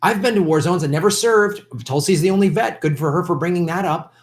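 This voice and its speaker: A man hosts a political livestream, ranting at politicians in unscripted commentary with angry, profane shouting and bitter fury. His voice sits high and runs a little fast, with hardly any pauses.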